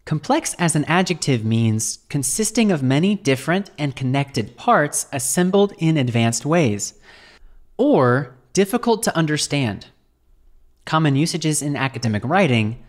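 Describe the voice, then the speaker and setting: A woman reading a scripted vocabulary lesson in an even, measured, dictionary-style delivery. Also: low voice. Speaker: vocabulary teacher.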